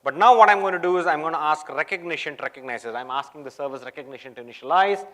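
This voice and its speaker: A man with a fairly high voice walks an audience through a live coding demo at a conference. He keeps it chatty and checks in with the room as he goes. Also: rapid-fire, fairly bright tone. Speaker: tech conference presenter. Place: conference hall.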